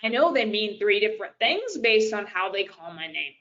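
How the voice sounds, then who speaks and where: This woman coach's voice is mid-range and sing-song, fairly bright, at a normal pace. Presenting a live webinar on business, she chats directly with "you guys" and drops in frequent fillers. The recording has lo-fi webinar quality.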